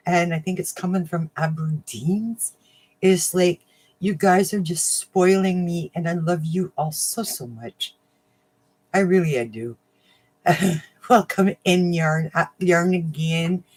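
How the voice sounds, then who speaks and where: A woman hosting a casual crafting livestream, chatting warmly with viewers, getting emotional and laughing often. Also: fairly low pitch. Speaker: livestream host of a crafting channel.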